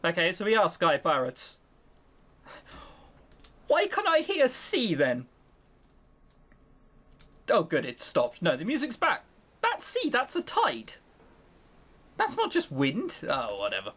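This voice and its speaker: Young streamer, lively swooping pitch, sarcastic game commentary, close mic. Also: slow pace, pauses often. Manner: sarcastic, mocking, chatty. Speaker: let's-play host. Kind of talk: game commentary, reading a visual novel aloud. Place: home room on webcam. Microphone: close desk mic.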